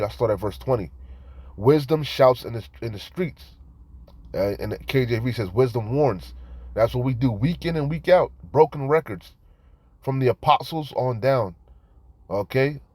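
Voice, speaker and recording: Preacher, male, mid-pitched, dry close-mic sound, slow scripture reading building to loud warnings. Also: no echo. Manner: reads scripture slowly, rising to loud emphatic warnings. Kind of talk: street-style scripture sermon.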